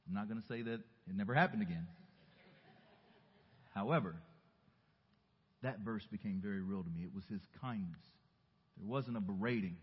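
Low husky man preaching in a hall. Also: normal speed. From Southern US. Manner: earnest storytelling with soft reflective asides. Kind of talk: sermon. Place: church sanctuary. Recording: muffled recording in a reverberant church hall.

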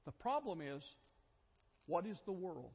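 High, lively Southern preacher man. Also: a little slow, gravelly, slightly rough. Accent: Southern American. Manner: conversational, with joking asides and repeated phrases. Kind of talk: sermon. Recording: dull, echoey church hall recording.

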